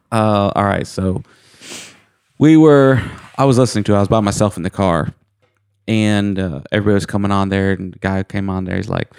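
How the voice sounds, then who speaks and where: A man's voice: fairly low pitch, steady tone, moderate pace, gravelly, a little mellow, clear, resonant tone, no room sound, studio quality. A man co-hosting a podcast, chatting casually and telling goofy, self-mocking stories. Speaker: podcast co-host. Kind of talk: casual chat.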